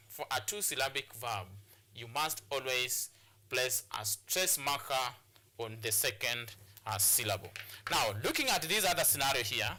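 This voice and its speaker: A man's voice: mid-range voice, bright, forceful tone. A man from Kenya teaching an English lesson on television, repeating key points and restarting phrases as he explains. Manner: repetitive, drilling points, many restarts and fillers. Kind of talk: classroom lesson on a TV show.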